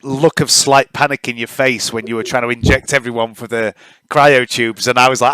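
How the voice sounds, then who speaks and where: A man chatting casually as a player in a tabletop game, animated and quick to laugh. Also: mid-range voice, smooth, no echo, rough recording. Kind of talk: casual chat between players.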